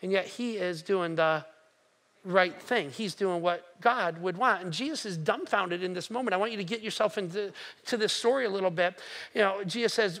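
Bright, high-voiced animated male preacher. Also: brisk. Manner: animated storytelling, acting out voices. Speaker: pastor. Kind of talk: sermon.

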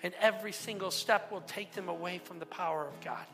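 A preacher playing a scheming demon. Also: male voice, high-pitched, brisk, music in the background, lightly acted. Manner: persuasive, building. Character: scheming male demon proposing a lie.

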